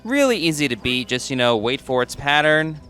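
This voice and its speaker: A man's voice: fairly high pitch, big pitch swings, normal speed, pushed and bright, faint music behind. A man giving casual, jokey gameplay commentary as a let's play host, chatting to the game as he plays.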